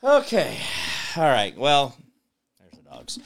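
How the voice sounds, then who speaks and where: Lively, bright-voiced male host. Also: medium pitch, moderate pace. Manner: rambling, filler-heavy, sarcastic. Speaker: host of a daily talk show. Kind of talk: casual commentary monologue.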